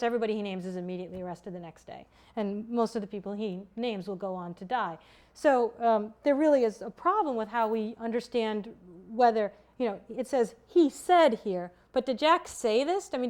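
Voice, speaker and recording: A woman's voice: mid-range voice, a little mellow. A woman historian giving an academic lecture, thoughtful and explanatory, often restarting and correcting herself mid-sentence. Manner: halting, self-correcting, many restarts.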